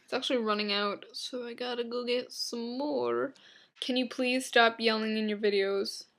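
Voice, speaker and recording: This young Long Island, New York vlogger answers viewer questions bluntly and flippantly in a relaxed Q and A, tossing off quick asides. Her fairly bright voice runs a little high for a woman, and her intonation stays fairly even.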